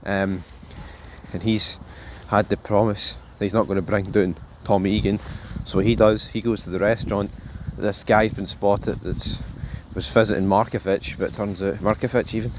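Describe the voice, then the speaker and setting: A man hosting a casual TV review, rambling and animated, swearing freely and calling viewers folks. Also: lowish voice, normal speed, noisy background. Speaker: show host, TV reviewer.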